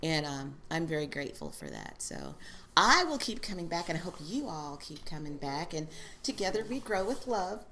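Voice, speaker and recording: A woman's voice: low voice, huge pitch swings, normal speed, crowd noise. A woman sharing at a recovery meeting, telling a story and laughing as she goes. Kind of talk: personal sharing.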